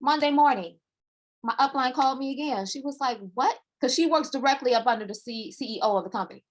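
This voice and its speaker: A woman's voice: high voice, quick pace. Chatty woman hosting a morning show. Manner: chatty, animated, acts out quoted voices. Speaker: host of a morning chat show. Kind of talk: casual live-stream storytelling.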